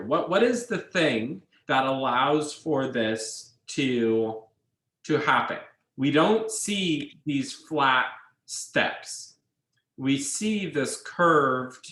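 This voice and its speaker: Slow, deliberate male lecturer in an echoey room. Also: medium pitch, a bit bright. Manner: measured, explains step by step, checks in with students. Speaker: university instructor. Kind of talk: classroom lecture.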